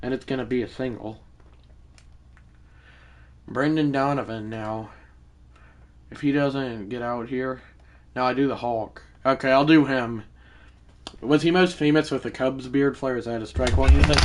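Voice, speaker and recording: A man streaming a baseball video game live, talking to his chat between pitches and breaking into mock play-by-play calls. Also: unhurried, pauses often, a little hiss or hum. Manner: mock play-by-play announcing, excitable; chatty asides to viewers.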